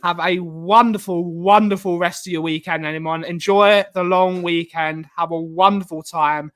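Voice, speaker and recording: A man's voice: sits high, steady tone, moderate pace, a bit bright, dry recording. A man hosting a podcast in casual, chatty and upbeat talk. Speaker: podcast host. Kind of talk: casual chat.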